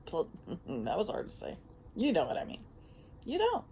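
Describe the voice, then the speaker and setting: A woman giving a casual spoken monologue as a self-help vlogger, animated and frank, swearing freely and laughing often. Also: lowish voice, normal speed, creaky, long pauses, slight background noise.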